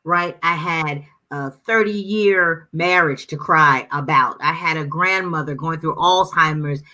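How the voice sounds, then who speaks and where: A woman's voice: sits low, a little slow, pushed and bright, poor audio. A middle-aged woman speaking as a guest, fervent and preacher-like, with lots of repetition. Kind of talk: conversational discussion.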